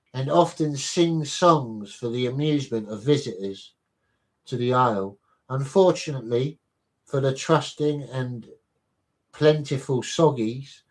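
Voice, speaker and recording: A man with a mid-range pitch hosts a relaxed livestream, reading entries from a reference book aloud. His reading is slow and halting, with stumbles and repeated words. Every so often he stops to greet viewers in chat.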